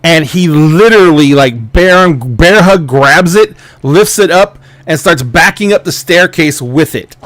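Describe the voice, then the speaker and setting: A male game master narrating a tabletop horror game, his voice a touch higher than most men's. He rambles through the scene with restarts and fillers. The sound is close and dry, with no room to it. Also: lively intonation, a little slow, hardly any pauses, a bit bright, no echo.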